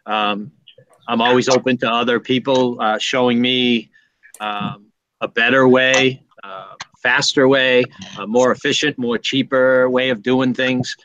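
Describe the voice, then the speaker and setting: A man's voice: mid-range voice, steady tone, a little slow, fairly bright tone, no echo, lo-fi sound. A man with a Massachusetts accent, a guest on a live chat, talking in a wry, joking way through a laptop mic. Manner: wry, self-deprecating, joking. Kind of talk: casual live-stream chat. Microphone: laptop built-in mic.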